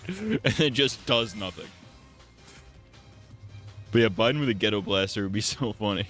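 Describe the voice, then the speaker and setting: A man's voice: lowish voice, lively intonation, a little slow, pauses often, a bit bright, faint music behind. A man streaming a game and joking crudely in casual commentary, laughing often.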